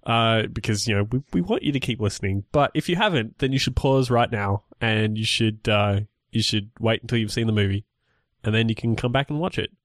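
Man, podcast co-host, casual movie chat, halting restarts, dry close sound. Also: on the low side, no room sound. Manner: rambling, halting with many restarts and fillers.

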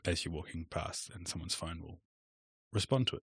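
A man co-hosting a podcast, chatting casually about tech and often trailing off softly at the ends of phrases. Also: sits low, normal speed, creaky, slightly rough, no echo, studio quality. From Australia. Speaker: podcast co-host. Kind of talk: casual chat.

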